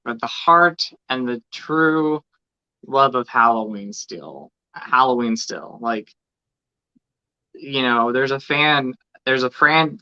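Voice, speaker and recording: Earnest male co-host, bright crisp voice, muffled lo-fi mic. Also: medium pitch. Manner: earnest, hesitant, restarts often. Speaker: podcast co-host. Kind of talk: casual livestream chat. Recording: dull lo-fi mic.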